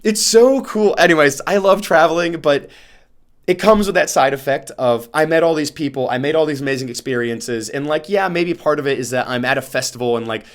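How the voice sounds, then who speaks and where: A man's voice: fairly high pitch, fairly quick. A young man talking in a casual vlog monologue, rambling and emotional, with lots of fillers and restarts. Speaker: book vlogger.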